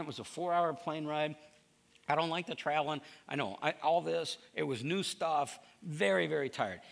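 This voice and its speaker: A middle-aged male pastor preaching a sermon in a conversational, storytelling way. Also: fairly high pitch. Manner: conversational storytelling, animated with restarts.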